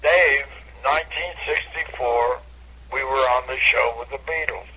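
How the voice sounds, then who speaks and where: Older man, gravelly, husky, storyteller comedian, phone line. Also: measured pace. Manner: animated anecdote teller, bursts into high catchphrase. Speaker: comedian guest. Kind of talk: casual radio interview storytelling.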